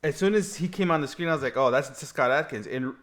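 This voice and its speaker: A man's voice: fairly high pitch, quick pace, fairly bright tone. Rambling man reviewing a movie. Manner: rambling, many restarts. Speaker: podcast co-host. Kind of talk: casual movie review chat.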